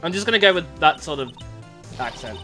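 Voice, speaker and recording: A young adult woman streamer giving casual live game commentary, with animated, self-deprecating asides. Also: deep voice, a little fast, soft background music.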